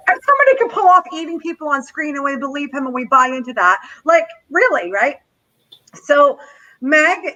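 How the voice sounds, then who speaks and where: Bright-voiced woman coaching over a video call, animated and playful, fairly high voice. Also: low-quality recording. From not American. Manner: animated and playful, slipping into quoted movie voices. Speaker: guest trainer. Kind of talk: energetic coaching talk.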